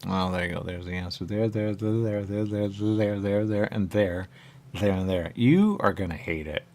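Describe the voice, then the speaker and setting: This radio talk show host is a man with a fairly low, somewhat dark voice, talking at a moderate pace. His monologue rambles, repeats itself, and drifts in a stream-of-consciousness way.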